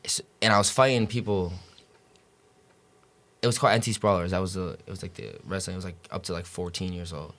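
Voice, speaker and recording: Low-pitched and a bit bright, this young college hoops player talks fairly quickly as a podcast guest. He tells stories in a rambling, slang-heavy way, swearing a lot and leaning on fillers such as "you know what I'm saying".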